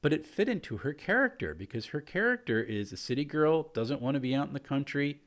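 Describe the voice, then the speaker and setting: A man's voice: a little high, fairly quick. Man telling a tabletop game story. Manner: relaxed and chatty, with fillers. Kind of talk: casual storytelling.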